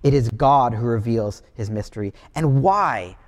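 A man's voice: medium pitch, expressive, measured pace, big-room sound. A man giving a sermon as pastor, preaching in a conversational, storytelling way.

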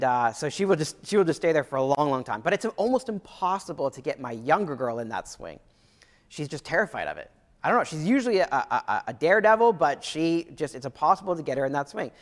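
A man in his thirties preaching a sermon in a conversational way, often repeating phrases and restarting sentences. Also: fairly high pitch. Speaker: pastor. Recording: long hall reverb.

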